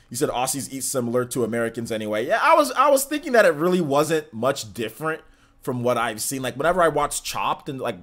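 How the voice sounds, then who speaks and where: Brief: young male streamer, mid-pitched, casual rambling chat with viewers, plenty of ums and likes. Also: a bit bright. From California. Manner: rambling, filler-heavy, reads chat aloud. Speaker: streamer host.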